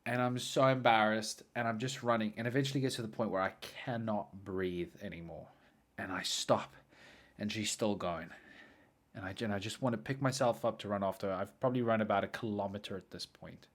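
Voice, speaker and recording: A man hosting a podcast who tells a story casually and animatedly, jumping from loud excited bursts to quiet muttering. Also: on the low side, brisk. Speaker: podcast host.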